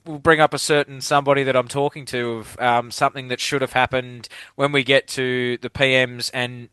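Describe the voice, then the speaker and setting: A middle-aged Australian man hosts a casual podcast chat. His voice is bright and crisp, with a dry, close sound and no room around it. He talks in a laid-back way and drops "mate" into nearly every sentence. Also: mid-range voice, no echo. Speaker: podcast host.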